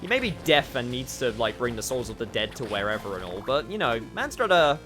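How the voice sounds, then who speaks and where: This streamer's voice sits in the mid range, swinging widely in pitch as he talks fairly quickly with a slightly bright tone. He comments casually on his game, talks to his chat, and swears occasionally, with faint game music in the background.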